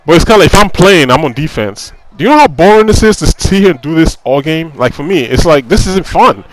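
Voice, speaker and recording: A man's voice: a little high, expressive, fast talker, no echo, poor audio. A man giving casual commentary over his own football video game match, ranting in a frustrated, conversational way and leaning on "you know" and repeated phrases. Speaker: gaming commentator.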